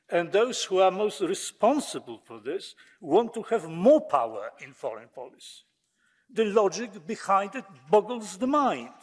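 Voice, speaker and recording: A man delivers a formal parliamentary speech, sharp and sarcastic in its jabs. His voice sits somewhat high for a man. It carries the long echo of a large debating chamber. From Poland. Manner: sarcastic, combative oratory. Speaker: member of parliament. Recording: long reverb of a large hall.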